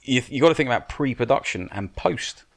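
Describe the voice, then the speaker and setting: This podcast guest, who works as a stunt coordinator and military adviser, hands out casual, blunt advice. His mid-range voice is animated and brisk, and he swears and restarts his sentences often.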